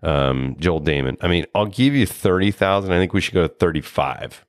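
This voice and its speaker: A man with a very deep voice co-hosting a casual golf podcast. He is easygoing and upbeat, teasing his friend along. The sound is dry and close, with little room. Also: normal speed, no room sound. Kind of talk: casual chat.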